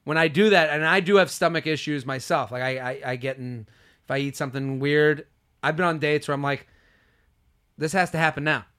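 A young man hosting a podcast, telling comic stories in casual chat and dropping low and quiet for asides. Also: fairly quick, clean tone. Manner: animated storytelling, drops low and quiet for asides. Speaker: podcast host.

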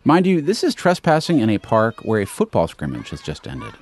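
Low-voiced man narrating, lively inflection. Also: brisk. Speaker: podcast host and reporter. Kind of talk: scripted narration.

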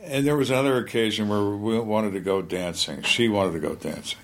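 Low-voiced older man, blunt storyteller. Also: a little fast, slight background noise. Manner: blunt, plain-spoken, wry. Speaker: retired homicide lieutenant, guest. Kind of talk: candid storytelling interview.

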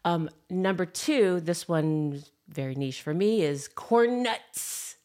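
A woman's voice: fairly low pitch, takes it slowly, warm tone. A woman who is a regular on a casual comedy podcast, reacting with frequent giggles.

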